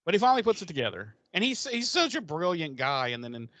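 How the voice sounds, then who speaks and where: A man co-hosting a podcast, retelling an episode in casual, profane, animated chat. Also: fairly high pitch, fast talker, no room sound. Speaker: podcast co-host.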